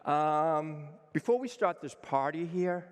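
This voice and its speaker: Energetic older man in a reverberant hall. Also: on the high side, takes it slowly, smooth. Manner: energetic, emphatic, acts out quoted dialogue. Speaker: chef giving a mentoring talk. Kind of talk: conference speech. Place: conference hall with a seated audience.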